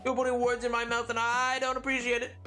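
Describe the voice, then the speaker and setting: A man's voice: extremely high pitch, monotone, quick pace, bright, forceful tone. Playful man streaming over faint music. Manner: playful, bantering with chat, mock-indignant. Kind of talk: casual live-stream chat while gaming.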